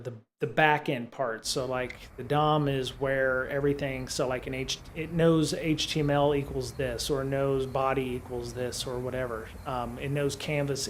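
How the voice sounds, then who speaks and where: A middle-aged man hosting a live stream. He reads from a programming book at a steady pace, then drifts into loose chat full of ums and restarts. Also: mid-range voice, slight background noise. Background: faint guitar music.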